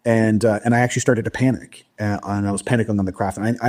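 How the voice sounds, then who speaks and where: Man, interview guest, dark mellow tone, breathy, halting storytelling. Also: lowish voice, fairly even intonation. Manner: halting, many restarts and fillers. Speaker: guest recounting an abduction experience.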